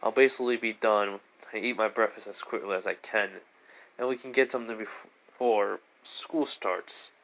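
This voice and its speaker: A man voicing a stiffly formal, polite young man in a fan story, speaking low-key and clipped. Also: steady tone, moderate pace, fairly bright tone.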